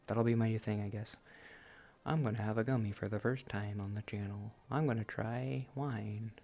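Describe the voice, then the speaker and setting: A man's voice: on the low side, steady tone, moderate pace, a little mellow. A man in his late twenties hosting a gaming channel, rambling casually and self-deprecatingly, often laughing at himself. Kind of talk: casual let's-play chat.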